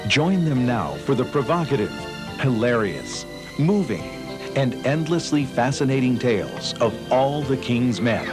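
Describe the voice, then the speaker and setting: Man, documentary narrator, measured dramatic reading, loud music underneath. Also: medium pitch, expressive. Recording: loud music bed behind voice.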